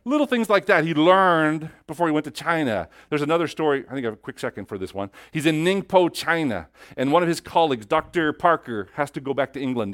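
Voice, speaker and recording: An animated male preacher tells a story from the pulpit. His pitch moves freely, and his voice swings between hushed and loud. The sound is dry and close. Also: no room sound. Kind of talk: sermon storytelling.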